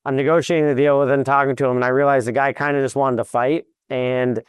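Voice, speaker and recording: Male real estate broker as guest, smooth resonant voice, animated storyteller, dry sound. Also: mid-range voice, fast, no echo. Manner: lively anecdotes, acts out quotes.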